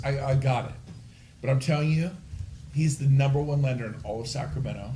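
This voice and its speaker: A man's voice: mid-range voice, fairly quick, a little hiss or hum. A man giving a live real estate training talk to a room of agents, telling stories with a lot of energy. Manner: energetic, animated storytelling.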